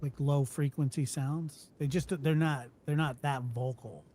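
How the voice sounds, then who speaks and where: A man's voice: medium pitch, fairly even intonation, unhurried, warm tone, slight background noise. A man co-hosting a casual call-in show who asks curious, teasing questions. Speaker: co-host.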